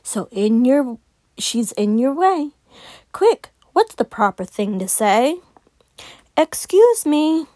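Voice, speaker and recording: A woman reading a children's picture book aloud as host of her podcast, expressive and sing-song. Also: fairly high pitch, takes it slowly, dry recording. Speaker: children's story reader.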